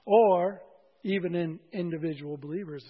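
A man preaching a sermon to his church, conversational and joking with the congregation, with a husky voice. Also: sits high, normal speed. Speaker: pastor. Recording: dull audio in a reverberant hall.

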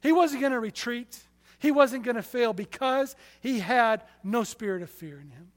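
A man preaching a sermon, telling stories with passion, his loudness rising and falling sharply. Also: extremely high pitch, expressive, moderate pace, in a large hall.

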